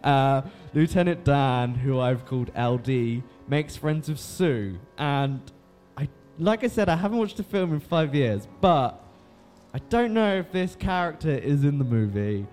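A man's voice: a little high, lively intonation, unhurried, darkish tone, faint music behind. A young man recapping a book in a loose, rambling way, swearing freely and filling gaps with ums and likes. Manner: swears freely, lots of fillers.

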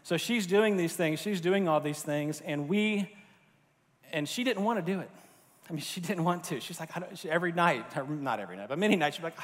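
A man's voice: a little high, animated, brisk, fairly bright tone. A man from Florida preaching a sermon in a loose, conversational way, with fillers and restarts. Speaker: pastor. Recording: long hall reverb.

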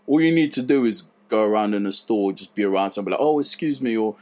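A British man co-hosting a podcast, chatting in a relaxed way and now and then putting on mock voices. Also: fairly low pitch, very fast. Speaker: podcast co-host. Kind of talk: casual chat.

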